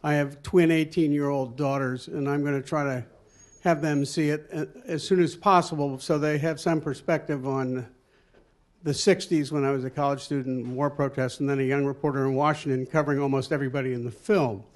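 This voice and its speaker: A man's voice: medium pitch, fairly even intonation, a little fast. Courteous older man asking from the floor. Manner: courteous, complimentary, rambling lead-in. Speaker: audience member asking a question. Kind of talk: question from the floor at a panel.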